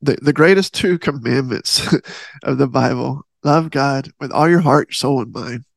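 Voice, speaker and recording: A man's voice: medium pitch, a little slow, vocal fry, no room sound. A man hosting a faith podcast, talking earnestly in a rambling, casual way with many restarts. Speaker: podcast host.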